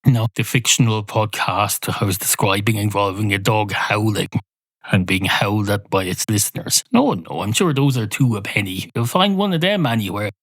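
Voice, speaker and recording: A man hosting a rambling solo comedy podcast, deadpan and absurd, swearing at imagined listeners. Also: lowish voice, normal speed, breathy edge, no echo. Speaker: podcast host.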